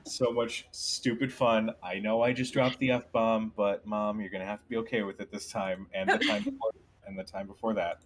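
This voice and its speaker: Low-voiced guy running a charity stream game, loose and sweary. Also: steady tone, normal speed, few pauses, a little hiss or hum. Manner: loose, laughing, swears casually. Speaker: game master.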